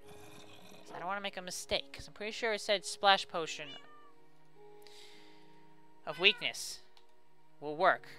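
A man's voice: high voice, unhurried, long pauses, pushed and bright, soft background music. A man hosting a casual let's play, chatting to viewers and poking fun at himself. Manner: chatty and self-mocking, talks to viewers.

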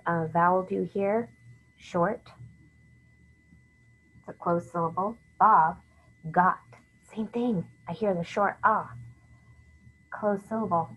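A woman teacher walking young writers slowly through a literacy lesson, step by step, sometimes whispering the example sentences. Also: on the low side, a bit bright, a little hiss or hum, low-quality recording.

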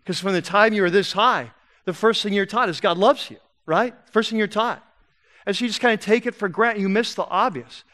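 A man preaching a sermon in a church, swinging between loud emphatic bursts and low, soft passages. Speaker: pastor. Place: church sanctuary.

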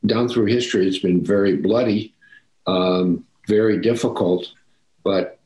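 A man appearing as a guest on a talk show, speaking in a slow, deliberate and reflective way. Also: on the low side, darkish tone. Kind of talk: measured talk show discussion. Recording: roomy echo.

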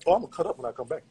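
A man's voice: sits high, mellow, poor audio. A man chatting casually with viewers on a live stream, slangy and laughing often. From Louisiana.

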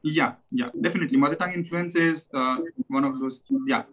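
A man's voice: on the high side, brisk, fairly bright tone, low-quality recording. A man with an Indian English accent, a guest in a casual conversation, explaining things carefully step by step and often restarting his sentences.

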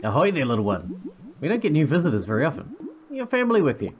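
A man's voice: a little high, wildly swooping pitch, fast, faint music behind. Brief: hearty, welcoming fisherman uncle, a bit scatterbrained, read by a male streamer in plain game-dialogue reading. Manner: cheerful, welcoming, slightly scatterbrained. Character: friendly middle-aged male island fisherman.

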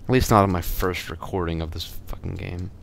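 Low gravelly gamer swearing at traffic. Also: male voice, a little fast. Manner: swears a lot, frustrated and excitable. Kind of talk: casual let's play commentary.

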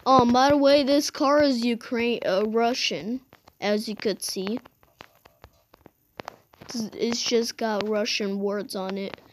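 A woman's voice: a little high, steady tone, slow pace, pauses often, slight background noise. A woman giving casual, rambling gameplay commentary, exclaiming often and restarting her sentences. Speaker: gamer.

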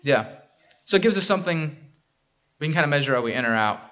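A male pastor delivers a conversational sermon in a church sanctuary, his fairly high voice quick, lively in intonation and a bit bright. He keeps it casual and interactive, posing questions to the congregation and checking in often with "right?" and plenty of "um".

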